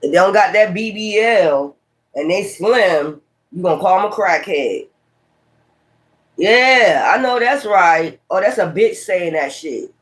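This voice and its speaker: Man, high voice, Brooklyn accent, profane and combative, casual tarot rant. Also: animated, measured pace, a bit bright. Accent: Brooklyn, New York. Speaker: tarot reader.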